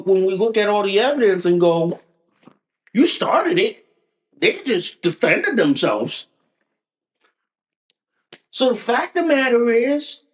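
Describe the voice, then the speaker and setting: Man, podcast host, heated rant, repeats himself, slow delivery, swooping pitch. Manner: emphatic, repetitive, heated. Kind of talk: political rant.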